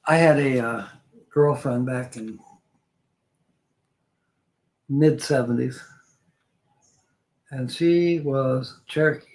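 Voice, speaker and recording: A man's voice: medium pitch, slow, darkish tone, rough recording. An older man hosting a casual live stream, reading viewer comments aloud and joking with a frequent chuckle.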